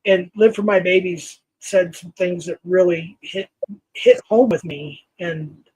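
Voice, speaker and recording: High-voiced man hosting a livestream. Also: a little slow, darkish tone, slight background noise, rough recording. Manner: rambling, thankful, laughs often, trails off with fillers. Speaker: livestream host. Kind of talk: casual livestream chat.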